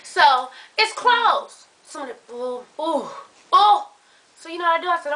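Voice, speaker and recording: High, bright-voiced woman ranting. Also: a little slow. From Atlanta, USA. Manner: animated, exasperated, laughing often, cussing. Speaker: vlogger. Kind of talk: casual storytelling rant.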